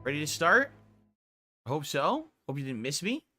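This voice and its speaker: A man talks casually to his live-stream audience as he plays, his voice bright and forceful. He narrates what he sees on screen in a loose, chatty way, pitched a little high for a man. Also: sing-song, moderate pace, faint music behind. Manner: chatty, talks to chat while playing. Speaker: game streamer.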